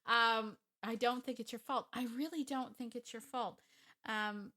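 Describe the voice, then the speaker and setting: Bright, chatty woman podcast host. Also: fairly high pitch, a little slow. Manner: chatty, animated, laughs often, repeats phrases. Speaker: podcast host, dog trainer. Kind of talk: casual solo podcast talk.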